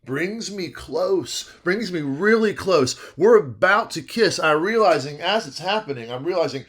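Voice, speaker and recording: A young man, telling a comedic story about his work as a restaurant server. He talks in an animated way, cuts himself off, and repeats phrases for laughs. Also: fairly high pitch, a little slow. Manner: animated, self-interrupting, repeats phrases for comic effect.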